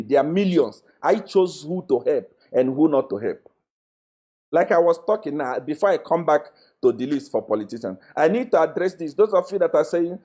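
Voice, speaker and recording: A man's voice: on the high side, warm tone. Scornful, accusing man. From Zambia. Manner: mocking and accusatory, repeats phrases, laughs scornfully. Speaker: self-styled prophet. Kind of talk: confrontational live-stream monologue.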